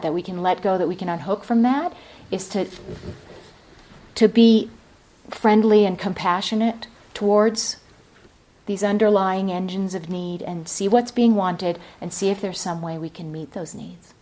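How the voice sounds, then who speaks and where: A woman's voice: medium pitch, moderate pace, dark tone. A woman meditation teacher giving a dharma talk at a retreat center, reflective and telling a story. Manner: reflective, storytelling, many fillers.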